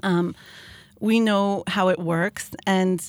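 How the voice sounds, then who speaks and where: A woman's voice: lowish voice, steady tone, slow, dry recording. A woman, a guest chatting casually about her online work and acting out voices in her stories. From New Jersey. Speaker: podcast guest, mom influencer. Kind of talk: casual interview chat.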